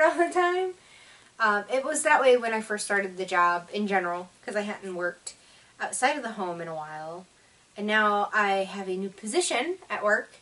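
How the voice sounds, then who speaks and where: A woman's voice: mid-range voice, fairly bright tone, recorded from a distance. A woman hosting a casual knitting vlog, chatty and enthusiastic but tired and yawning, rambling with many fillers. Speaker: knitting podcast host.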